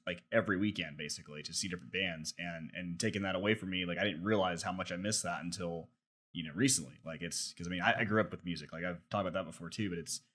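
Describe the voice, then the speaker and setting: A podcast co-host whose voice sits low and sounds a bit bright tells a long tale in casual conversation. It meanders, heavy with fillers and restarts.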